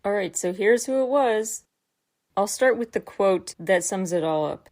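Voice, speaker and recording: A woman's voice: mid-range voice, unhurried. A woman hosting a podcast, recapping a mystery episode in a chatty way with wry asides. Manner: chatty, wry asides, quotes lines in animated voices. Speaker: podcast host. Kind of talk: recapping a K-pop variety episode.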